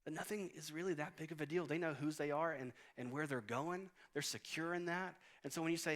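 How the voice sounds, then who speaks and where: A man's voice: fairly high pitch, a little fast, few pauses, fairly bright tone. A man in his late thirties preaching a sermon as pastor, in a conversational, storytelling way with humor. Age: 30s. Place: church auditorium stage.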